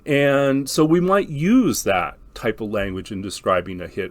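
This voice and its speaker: A man's voice: medium pitch, unhurried, hardly any pauses, no echo. A man teaching how to describe combat in tabletop games, talking in a thoughtful, explanatory way with frequent ums and restarts. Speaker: game master teaching description. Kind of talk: instructional talk.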